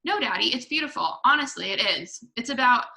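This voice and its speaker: A woman's voice: fairly high pitch, expressive, brisk, vocal fry, sharp tone, voice pushed up, exaggerated voice, rough recording. A woman voicing a clever, brave little girl who speaks earnestly.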